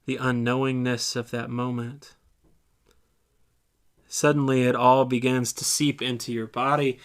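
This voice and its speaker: A man at a church, slowly guiding listeners through a scripture meditation in the second person. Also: mid-range voice, level tone. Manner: slow, soft, second-person guiding with lingering pauses. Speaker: church speaker leading a meditation.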